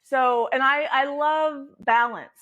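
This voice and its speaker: A middle-aged woman, a podcast guest and author, telling a travel story with lively acted-out quotes and laughter. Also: high-pitched, slow pace, muffled recording. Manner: animated, laughing, acts out quotes. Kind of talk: storytelling in conversation.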